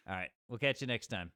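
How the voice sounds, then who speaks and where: A man co-hosting a comedic podcast, reading listener comments aloud in a sardonic, deadpan way. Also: on the low side, clear, resonant tone, dry recording, studio quality. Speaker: podcast co-host.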